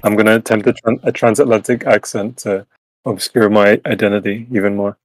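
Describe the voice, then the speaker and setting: A male guest chatting casually on a podcast in a put-on American accent, a little halting and self-deprecating. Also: lowish voice, little pitch movement, dry recording, low-quality recording.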